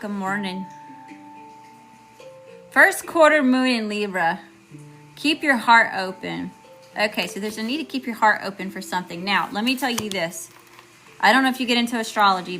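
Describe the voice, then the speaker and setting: This tarot reader has a bright, forceful, mid-range voice. During her live session she chats informally, says hello to viewers, and checks in repeatedly with "okay?"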